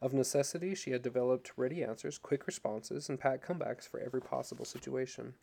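Gravelly, dark-voiced male storyteller. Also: medium pitch. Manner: measured, even storytelling. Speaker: narrator. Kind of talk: audiobook reading.

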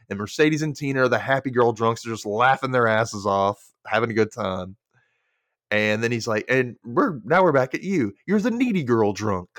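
A man's voice: no echo, clean studio sound. A man hosting a podcast, chatting casually through an episode recap and acting out characters' lines. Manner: animated, acts out characters' lines with big pitch jumps. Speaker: podcast host.

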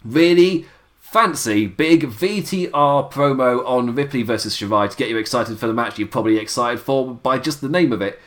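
A man talking through a weekly wrestling show in loose, rambling sentences. He chuckles often, fills his pauses with drawn-out filler sounds, and sits at an ordinary middle pitch. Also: a bit bright. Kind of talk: casual spoken review.

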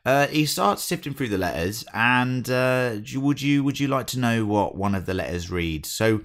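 A man's voice: mid-range voice, animated, normal speed, a bit bright. An English man co-hosting a podcast, chatting casually as he recaps an episode from his notes. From England. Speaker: podcast co-host. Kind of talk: casual chat.

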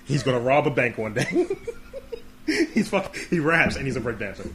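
A man's voice: medium pitch, a little fast, slight background noise. A man hosting a podcast in casual comedic chat, swearing freely and acting out quoted voices. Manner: profane, animated, acts out quotes. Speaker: podcast host.

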